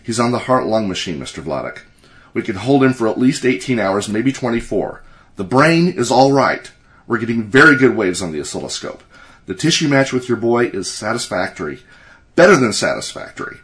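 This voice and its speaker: A man voicing a male doctor who speaks in a calm, measured, assured way. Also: medium pitch.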